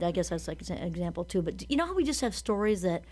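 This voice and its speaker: A woman co-hosting a casual podcast conversation, chatty and enthusiastic, quick to agree and to laugh. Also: fairly low pitch, big pitch swings, darkish tone. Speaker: podcast co-host.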